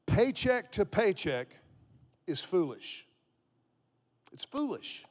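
A man's voice: sits high, very animated, slow. Man in his fifties, pastor, from Texas, sermon, repeats phrases for emphasis, raised voice. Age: 50s. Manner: storytelling preacher, repeats key phrases for emphasis. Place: church auditorium with congregation.

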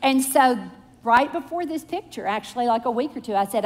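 A woman's voice: on the high side, expressive, a little fast, darkish tone, big-room sound. A middle-aged woman speaking from the pulpit to her congregation, chatty, playful and self-mocking as she prays and shares family stories. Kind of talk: prayer and church talk. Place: church sanctuary.

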